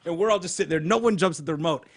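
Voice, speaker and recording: A man's voice: fairly high pitch, racing, slightly rough. A man co-hosting a podcast, telling a story in casual chat with a profane, wisecracking manner. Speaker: podcast co-host.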